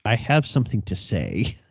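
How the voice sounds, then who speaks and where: A man's voice: fairly low pitch, huge pitch swings, normal speed, creaky, slightly rough, no echo. A young male police officer telling a chase story on a casual podcast, laughing, swearing and acting out radio calls. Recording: dry, dull lo-fi sound.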